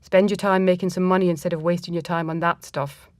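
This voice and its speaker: A young man brushes off his brother's plans in a dismissive, mocking tone, as a woman reading the story voices him. The voice sits low, and the recording is dry and close. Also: flat delivery, fast, no room sound, natural voice.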